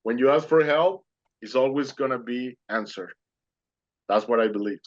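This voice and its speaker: A man's voice: mid-range voice, moderate pace, dull audio. A man speaking as an interview guest, telling his story earnestly and animatedly in non-native English phrasing over a video call.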